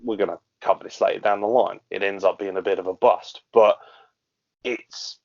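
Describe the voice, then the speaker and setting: A man's voice: deep voice, steady tone, normal speed, creaky, darkish tone. A man co-hosting a wrestling review podcast, ranting in an exasperated, sweary way with frequent laughs. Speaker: podcast co-host. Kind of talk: casual wrestling review chat. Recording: dull lo-fi podcast audio.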